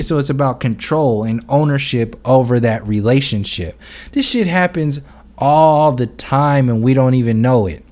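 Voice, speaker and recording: A man's voice: mid-range voice, normal speed, darkish tone. Rambling, swearing man vlogger. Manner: rambling, full of fillers and restarts, swears freely. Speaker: video blogger. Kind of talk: unscripted monologue.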